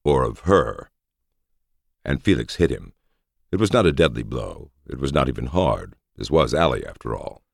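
A man reading a fantasy audiobook in a steady storytelling manner. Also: very deep voice, normal speed, gravelly, slightly rough, no echo, studio quality. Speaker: narrator. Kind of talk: audiobook narration.

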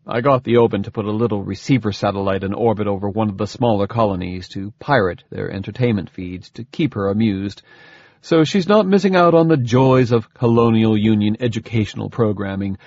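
A man voicing a calm, dryly mocking scientist father in an audiobook. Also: on the low side, no echo, highs cut off. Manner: dry, smooth, faintly mocking.

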